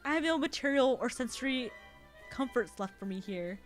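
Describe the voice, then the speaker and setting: A woman's voice: sits high, animated, moderate pace, soft background music. A woman voicing a haughty, sinister female alien noble who broods over her loneliness as she reads a visual novel aloud. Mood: brooding. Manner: brooding, self-pitying monologue.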